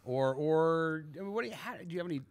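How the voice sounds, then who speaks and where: A man hosting a talk show from a broadcast studio, his pitch rising and falling with lively swings. He chats easily and pokes fun at himself while he questions his guest. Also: quick pace. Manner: chatty, self-deprecating, animated. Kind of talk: studio interview chat.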